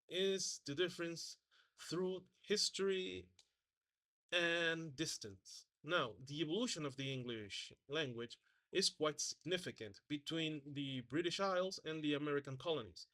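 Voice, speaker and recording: A man's voice: a little high, fairly bright tone. A man giving a spoken exam presentation as a student, hesitant, restarting words and correcting himself, demonstrating pronunciations by repeating example words.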